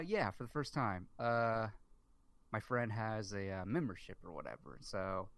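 A man's voice: on the low side, lively intonation, measured pace, a bit bright, no room sound. A man telling a comic story in casual chat, acting out quotes and swearing often. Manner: comic storyteller, acts out dialogue, heavy swearing.

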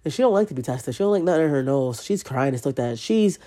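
A woman's voice: rumbling low, lively intonation, fast talker, dark tone. A young woman hosting a podcast, rambling casually and swearing freely, full of "like" and "you know what I'm saying.". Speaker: podcast host.

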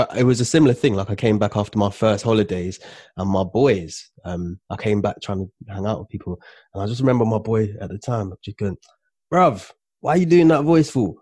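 A man's voice: lowish voice, a little fast, darkish tone, dry recording, clean studio sound. A man hosting a casual chat, engaged and giving frequent short affirmations.

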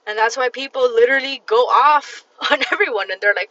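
A woman hosts a casual solo podcast, tired but blunt and emphatic, swearing freely as she talks straight to the listener. Her voice is bright and forceful. The recording sounds dull and lo-fi. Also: sits high, a little fast. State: tired and fatigued. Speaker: podcast host.

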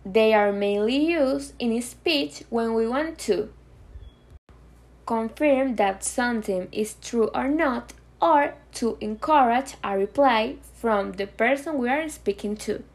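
A woman hosting a grammar podcast, reading clear, carefully scripted explanations. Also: on the high side, slow pace. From Venezuela. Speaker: podcast host teaching grammar.

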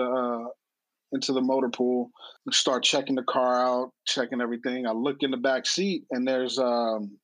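A man's voice: mid-range voice, a bit bright, dry recording, low-quality recording. A man in his late thirties, a podcast guest telling personal stories candidly, earnest and blunt, often repeating words for emphasis. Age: late 30s.

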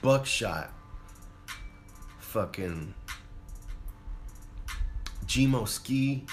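A man's voice: medium pitch, expressive, extremely slow, soft background music. A man from Colorado hosting a casual solo podcast, laid-back and rambling, swearing freely. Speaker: podcast host.

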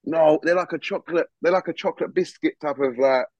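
This lively musician guest keeps the interview chat casual, packed with slang and cursing. He speaks briskly in a voice on the high side, captured in a dull, dry recording without any room sound.

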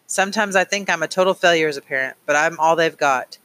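A man reading an audiobook, voicing a steady, principled middle-aged father who speaks earnestly and firmly. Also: fairly high pitch, fast, clean tone. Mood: pleading. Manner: earnest, pleading, firm.

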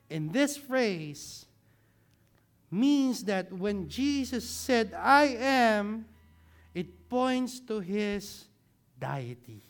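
Slow, high-voiced male preacher. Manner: preaching with slides, drops voice low for emphasis; leads the congregation in repeating words. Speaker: pastor. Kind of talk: sermon.

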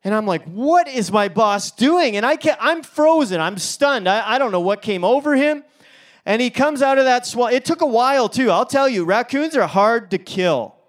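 A man's voice: extremely high pitch, expressive, moderate pace. A male pastor preaching a sermon, telling a story in a chatty way with fillers and restarts.

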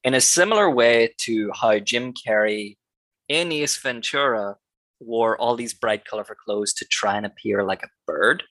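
A man's voice: mid-range voice, unhurried, fairly bright tone, dry recording, poor audio. A man co-hosting a podcast, talking through a film in a laid-back, analytical way and breaking into laughs now and then. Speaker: podcast co-host. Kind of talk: casual film-discussion chat.

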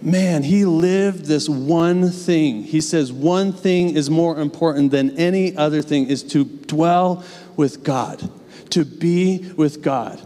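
A young adult man, a pastor, preaches a sermon in a church with long reverb around him. His voice is fairly high, slow and dark in tone, and he speaks earnestly and conversationally, dropping in casual asides.

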